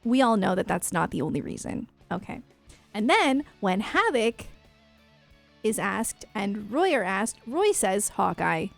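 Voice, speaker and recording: A woman's voice: mid-range voice, sing-song, a little slow, vocal fry. A young woman streamer chatting casually and gushing as a fan, filling her talk with "like" and "um". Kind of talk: casual livestream chat. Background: faint music.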